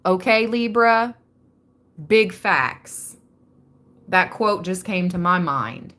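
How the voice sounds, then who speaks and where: A woman's voice: medium pitch, extremely slow, long pauses, bright, forceful tone. A woman hosting a live spiritual reading, chatty and laughing often as she talks straight to her viewers. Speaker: tarot reader hosting a livestream.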